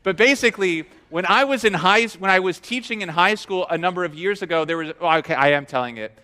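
A man's voice: high-pitched, quick pace. A man preaching a sermon, telling the story with humor and acting out the quotes. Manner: animated storyteller, acts out quotes. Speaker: pastor.

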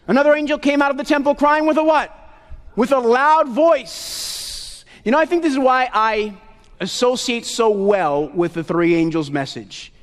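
A Puerto Rican man preaching a sermon loudly and emphatically, calling to the congregation for answers. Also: extremely high pitch, a little fast, clear, resonant tone. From Puerto Rico. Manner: loud, emphatic call-and-response preaching. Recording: long hall reverb.

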